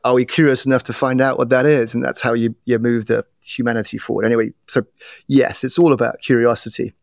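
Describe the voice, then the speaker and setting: A middle-aged man, a guest on a podcast, explaining how people's biases work in an animated way, telling stories and often restarting his sentences. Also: mid-range voice, fast, vocal fry, no echo, clean studio sound. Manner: animated storyteller with repeated restarts. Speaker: podcast guest, bias trainer. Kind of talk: casual interview talk.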